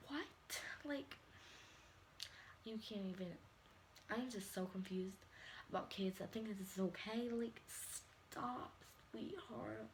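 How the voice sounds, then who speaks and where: A woman's voice: mid-range voice, measured pace, long pauses, a little hiss or hum, poor audio. A teenage girl ranting to a phone camera in a vlog, sassy and exasperated, calling people "honey.". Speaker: vlogger. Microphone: phone or webcam.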